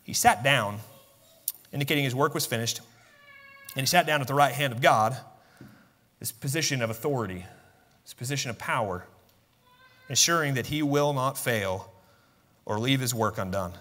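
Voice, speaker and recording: A man preaching a sermon as pastor, swinging from soft, low musing to loud, high emphatic bursts. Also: lively intonation, normal speed, pauses often, in a large hall. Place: church sanctuary.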